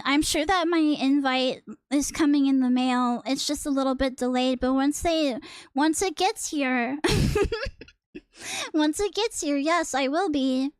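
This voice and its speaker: A woman's voice: sits high, no echo. A woman streamer chatting casually and teasingly, rambling with lots of fillers as she talks to her chat. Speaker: VTuber streamer.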